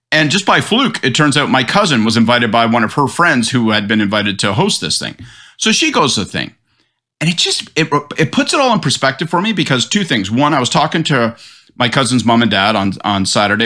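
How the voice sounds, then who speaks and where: Bright-voiced man ranting profanely. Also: mid-range voice. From Canada. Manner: animated, profane rant. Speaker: political commentator. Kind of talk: podcast panel discussion.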